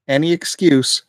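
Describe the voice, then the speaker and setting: A man's voice: fairly high pitch, sharp tone, dry recording. A man hosting a casual podcast chat, bantering and teasing his co-host with dry humor.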